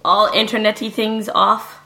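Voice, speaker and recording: A woman's voice: medium pitch, flat delivery, measured pace, creaky, bright, forceful tone. A woman hosting a podcast in casual banter, joking and directing her co-hosts. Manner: bossy, joking, directs the takes. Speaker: podcast host.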